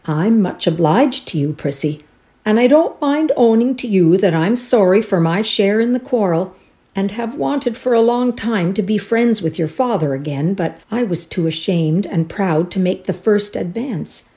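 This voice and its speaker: A woman's voice: medium pitch, animated, moderate pace, voice pushed up, lightly acted. A woman voicing a crabbed old uncle in a read-aloud story, speaking earnestly and with regret. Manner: earnest, warmly apologetic. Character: gruff, remorseful old bachelor uncle.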